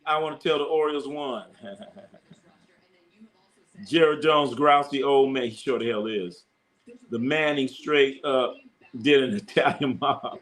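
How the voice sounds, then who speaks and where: A man hosting a casual live sports stream, talking to chat with animated bursts of excitement. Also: measured pace, pauses often. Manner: animated, jumps into high excited shouts.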